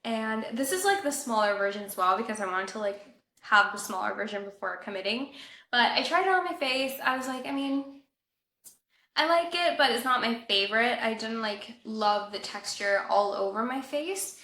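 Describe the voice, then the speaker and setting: A young woman from Colombia talks through a casual beauty review in a bright, fairly high voice with a gravelly edge. She drops "like" all through her sentences and sounds a touch nasal from a fading cold. The room around her is echoey. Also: expressive, normal speed. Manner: chatty, says "like" often. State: recovering from a cold, a bit nasal. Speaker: beauty vlogger.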